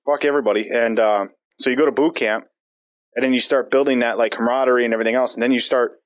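A man's voice: medium pitch, steady tone, fast talker, dry recording. A man in his thirties hosting a podcast, casual chat with crude jokes and frequent laughs. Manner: laughs often, crude joking. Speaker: podcast host.

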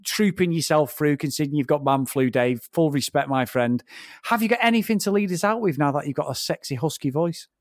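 A man's voice: a little high, lively intonation, brisk, dry recording, clean studio sound. A man co-hosting a podcast who wraps up the episode in a friendly, chatty way. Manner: friendly, chatty wrap-up with fillers. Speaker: podcast co-host. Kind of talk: casual podcast sign-off.

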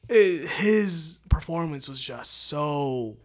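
A man co-hosting a podcast in casual chat about films, talking in halting restarts and gushing about acting. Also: a little high, expressive. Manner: halting, restarts often, gushes about performances. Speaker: podcast co-host. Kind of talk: casual film discussion.

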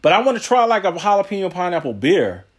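A man hosts a podcast in loose, easygoing conversation. His voice sits a little high for a man, and he rambles through stories, laughing often. He drops slangy asides along the way. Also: sing-song, fast talker, husky. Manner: slangy, says yo and man a lot. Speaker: podcast host. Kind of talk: casual chat.

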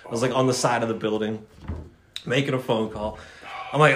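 A man's voice: medium pitch, a little fast, fairly bright tone, a little hiss or hum. A young man telling a story in casual chat, swearing and acting out the voices in it.

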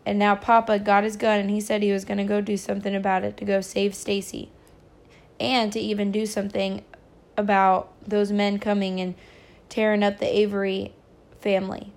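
A woman reading a novel chapter aloud, pausing for casual, chatty recaps with small stumbles. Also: medium pitch, monotone. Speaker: reader.

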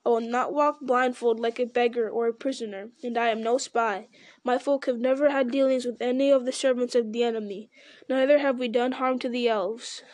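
A woman's voice: fairly high pitch, fairly even intonation, fairly quick, a little mellow, no echo, lightly acted. A woman reading aloud the lines of a stubborn, proud male dwarf warrior who talks in a defiant way. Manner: obstinate, defiant.

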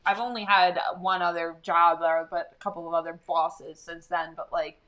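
A young woman co-hosts a casual podcast chat. Her voice is bright and forceful, and her stories tumble out full of swearing and animation. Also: fairly low pitch, normal speed. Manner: profane, animated storytelling. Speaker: podcast co-host.

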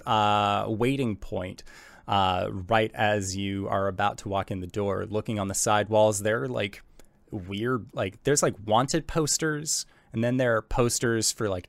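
Male game master, low gravelly voice, unhurried scene-setting narration. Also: dry recording. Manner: relaxed descriptive narration with many fillers.

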